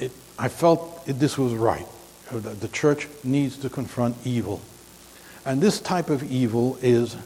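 A man's voice: mid-range voice, a little mellow, breathy edge. An older man preaching in an informal, rambling storytelling way, often stopping and restarting. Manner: halting, rambling, frequent restarts. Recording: long hall reverb, faint hiss.

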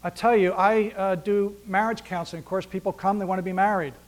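High-voiced preacher with dramatic hushes. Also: male voice, fairly even intonation, brisk. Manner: swings between loud emphasis and near-whispered hushes; acts out dialogue with God, asking rhetorical questions. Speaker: pastor. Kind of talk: sermon.

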